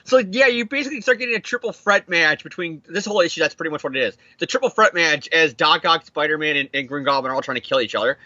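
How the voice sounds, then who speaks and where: A young man recapping a comic book issue in casual chat, animated and swearing as he acts out the characters. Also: on the high side, fast, few pauses, no echo, dull audio. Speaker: comic podcast co-host.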